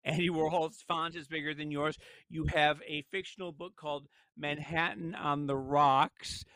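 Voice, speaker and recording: A man hosting a casual interview chat, animated and laughing often. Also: on the high side, normal speed, dry recording. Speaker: host.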